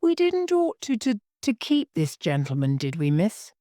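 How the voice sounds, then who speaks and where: A woman's voice: medium pitch, wildly swooping pitch, moderate pace, warm tone, no echo, studio quality. A woman voicing a timid young working-class maid who has just become an heiress, speaking plainly and anxiously. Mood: nervous.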